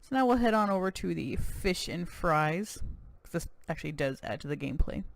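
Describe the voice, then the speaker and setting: A let's-play host giving casual, chatty commentary with quick self-deprecating asides. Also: medium pitch, lively intonation, gravelly.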